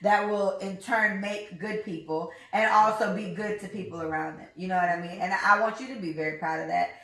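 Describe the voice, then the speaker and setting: A woman's voice: mid-range voice, a little fast, a bit bright, far from the mic. A young woman hosting a podcast, talking bluntly and casually with plenty of slang. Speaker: podcast host. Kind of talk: casual chat. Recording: echoey room, voice off-mic.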